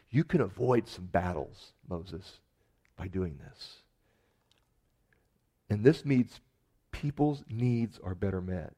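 Earnest preaching man with a mellow voice. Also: medium pitch, animated, slow pace, pauses often. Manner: earnest preaching with emphatic rises and soft drops. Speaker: pastor. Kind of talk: sermon.

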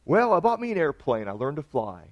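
A man voicing a down-home fellow excitedly telling a tall tale in a sermon joke. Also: on the high side, fairly quick, no room sound. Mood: eager. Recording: dull lo-fi recording.

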